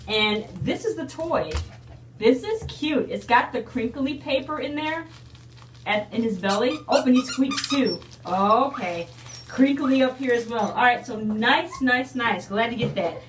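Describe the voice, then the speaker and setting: A woman's voice: on the high side, a bit bright, reverberant, recorded from a distance. A woman in a casual unboxing video, chatting to her viewers and calling them y'all. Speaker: unboxing vlogger.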